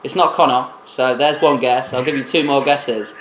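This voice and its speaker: A man's voice: medium pitch, fairly even intonation, moderate pace, roomy sound. A young man making a prank phone call, taunting and swearing freely in a brash way. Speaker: prank caller.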